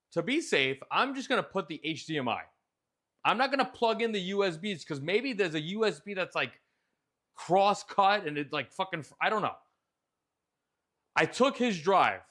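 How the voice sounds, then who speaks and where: A man's voice: fairly high pitch, sharp tone. A man hosting a community show, casually retelling a computer repair story with exasperated swearing. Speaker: host.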